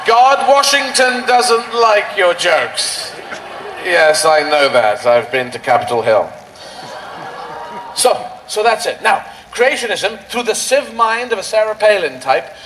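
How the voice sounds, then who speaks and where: A man with a high, light voice performs stand-up through a stage mic outdoors. His delivery is rambling and surreal, full of playful quick asides. Faint crowd noise sits under the voice. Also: fairly bright tone, rough recording. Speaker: stand-up comedian. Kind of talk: stand-up routine.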